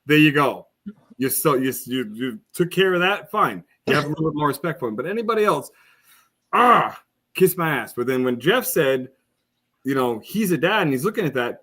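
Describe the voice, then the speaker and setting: A man's voice: medium pitch, fairly bright tone, husky. A man co-hosting a podcast, ranting with passion, blunt and profane. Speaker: podcast co-host. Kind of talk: casual podcast discussion.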